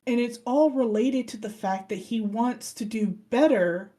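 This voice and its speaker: A woman's voice: on the high side, a little slow. A woman co-hosting a casual podcast, retelling an anime plot with energy and acting out the characters' lines. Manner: animated storyteller who acts out characters' lines. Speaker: podcast co-host.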